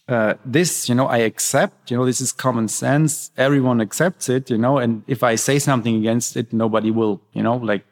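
Halting man thinking aloud. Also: mid-range voice. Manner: halting, many fillers and restarts. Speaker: podcast panelist. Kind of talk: casual group discussion.

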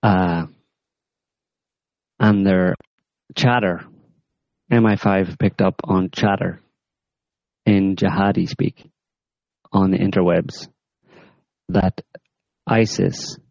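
A man hosting a podcast, rambling in a deadpan sarcastic way with many fillers. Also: deep voice, slow, gravelly, pauses often, dry recording, dull audio. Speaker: podcast host. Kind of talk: sarcastic current-affairs chat.

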